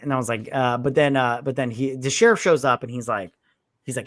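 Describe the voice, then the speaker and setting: A man's voice: mid-range voice, fast talker, a bit bright, dry recording, clean studio sound. A man co-hosting a casual live movie-review stream, rambling and swearing as he retells scenes and acts out the characters' lines.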